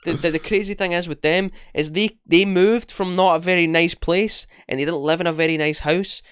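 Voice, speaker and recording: A man's voice: sits high, fairly even intonation, a little fast, fairly bright tone, smooth, no echo. A young Scottish man co-hosting a podcast, telling rambling stories with lots of swearing and restarts. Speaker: podcast co-host. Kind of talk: casual chat.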